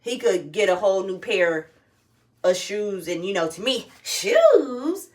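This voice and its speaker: A woman's voice: fairly low pitch, moderate pace, recorded from a distance. A young woman talking casually and candidly to her phone camera at home, swearing freely as she tells a personal story. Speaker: vlogger.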